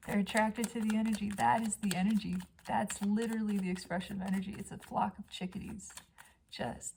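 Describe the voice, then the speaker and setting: A woman doing an intuitive tarot reading at home, gushing and dreamy, often dropping into soft whispers. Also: mid-range voice, steady tone, moderate pace, slight background noise. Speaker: tarot reader. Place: home by a balcony.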